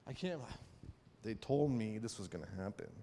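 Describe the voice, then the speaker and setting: A man giving a conversational sermon, telling personal stories and often checking in with his listeners with quick rhetorical questions. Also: on the low side, lively intonation, dark tone. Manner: personal storytelling. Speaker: preacher. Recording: long hall reverb.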